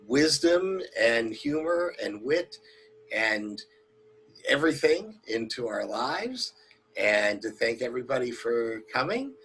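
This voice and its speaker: A man hosts a community talk as a rabbi, at an ordinary pitch. He rambles through thanks and announcements, pausing on fillers. A faint hum runs under his voice. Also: a bit bright. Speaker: rabbi and host. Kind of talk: hosting an online community talk.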